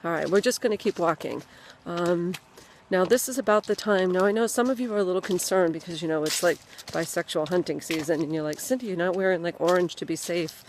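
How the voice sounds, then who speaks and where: A woman comedian delivering a mock-serious on-location report outdoors, talking haltingly with many fillers. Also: on the low side, a little hiss or hum. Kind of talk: deadpan mock documentary narration.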